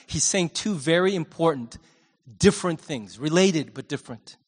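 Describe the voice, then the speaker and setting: A man preaching a sermon in a church, conversational and animated, swinging between loud and hushed. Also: on the high side, normal speed, breathy edge, in a large hall. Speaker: pastor.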